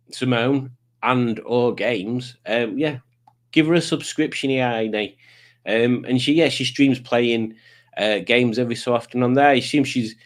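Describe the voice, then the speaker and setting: A man hosting a live stream, chatting loosely, joking and greeting viewers in the chat. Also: mid-range voice. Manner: rambling, jokey, greets the chat. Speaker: livestream host. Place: home streaming setup with lights.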